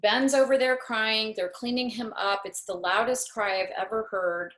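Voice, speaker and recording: Earnest woman in her fifties, a yoga teacher and guest, mid-pitched, telling a reflective personal story in a roomy-sounding space. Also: unhurried, a bit bright. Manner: earnest, reflective, lightly self-mocking. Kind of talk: personal storytelling in a talk show. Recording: roomy echo.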